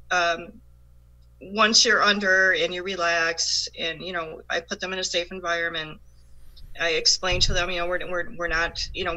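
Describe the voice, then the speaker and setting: A woman's voice: fairly low pitch, bright, forceful tone, low-quality recording. A woman, a psychic medium guest on a talk show, explaining in a chatty way with frequent restarts. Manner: chatty, laughs often, many restarts. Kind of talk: casual chat.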